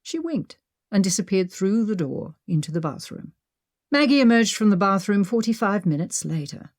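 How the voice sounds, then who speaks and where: A woman narrating an adventure audiobook in a steady, measured manner. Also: mid-range voice, dry recording, clean studio sound.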